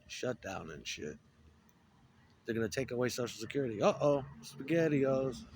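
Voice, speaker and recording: A man's voice: fairly low pitch, expressive, moderate pace, slight background noise. Profane rambling man telling stories. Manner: profane, digressive, wry storytelling. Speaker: storyteller. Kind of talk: rambling casual monologue.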